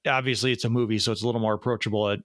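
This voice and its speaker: A man's voice: fairly low pitch, fairly even intonation, racing, a bit bright, no echo, studio quality. A man co-hosting a podcast in casual chat, joking and laughing a lot. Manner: jokey, laughs often, puts on bad mock accents. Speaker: podcast co-host.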